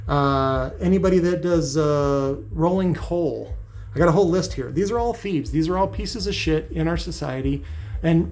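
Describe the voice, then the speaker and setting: A man's voice: a little high, a little mellow. A middle-aged man ranting bluntly and profanely to his viewers in a vlog. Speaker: channel host. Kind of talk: angry vlog rant.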